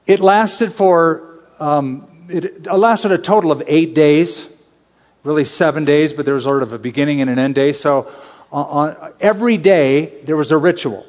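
A man's voice: on the high side, darkish tone, big-room sound. A man teaching a Bible sermon in a conversational but emphatic way, building to urgent exhortations. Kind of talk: expository sermon.

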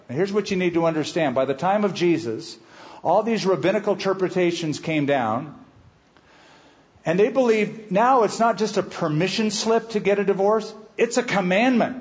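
A fairly high-voiced man preaches a sermon, lingering over each line of scripture before turning to chatty asides to his listeners. The recording is dull and muffled. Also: animated, a little mellow. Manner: expository preaching, reads scripture slowly and emphatically; conversational asides to the congregation. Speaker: pastor.

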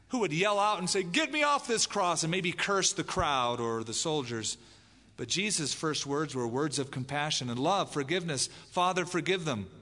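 A man's voice: fairly high pitch, a bit bright. A man preaching a sermon as pastor, emphatic, dramatizing the lines he quotes. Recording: long hall reverb.

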